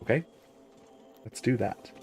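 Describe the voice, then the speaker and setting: Unhurried and with a darkish tone, a man hosts a live game-play stream, chatting casually and thinking aloud in a self-deprecating way.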